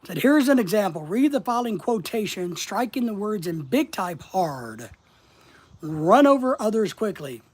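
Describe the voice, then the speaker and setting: A man's voice: sits high, sing-song, moderate pace, slightly rough. A man hosting a live stream, reading a book aloud and commenting on it, stressing key words in a reflective, emphatic way.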